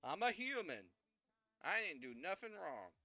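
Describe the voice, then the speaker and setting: A man's voice: on the low side, sing-song, normal speed, creaky, pushed and bright, no echo, soft background music, heavily acted. A man playing a shifty adult man trapped in a coffin, evasive and overly friendly as he pleads to be let out. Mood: indignant. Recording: dull lo-fi dry recording.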